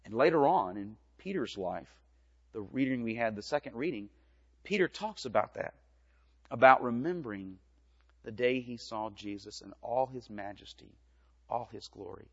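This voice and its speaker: A middle-aged man, a pastor, giving a gentle children's sermon in a church, telling a story in simple words. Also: medium pitch, animated, normal speed, husky. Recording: reverberant church, dull lo-fi sound.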